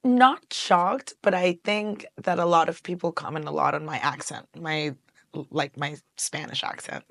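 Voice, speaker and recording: A woman in her twenties from Colombia talks animatedly in a casual interview, laughing often and switching between English and Spanish. Her voice sits low and has a gravelly edge. The sound is dry and close. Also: fairly even intonation, measured pace, no room sound. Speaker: interview guest.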